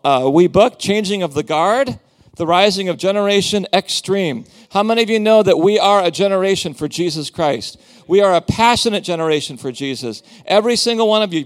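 A man preaching as a guest speaker, animated and joking with the congregation. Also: high voice. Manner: animated, theatrical, joking with the crowd. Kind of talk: sermon with book promotion. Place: church hall.

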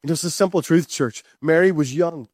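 High-voiced preacher, emphatic and repetitive. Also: male voice, brisk, a little mellow, no room sound, studio quality. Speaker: pastor. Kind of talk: sermon.

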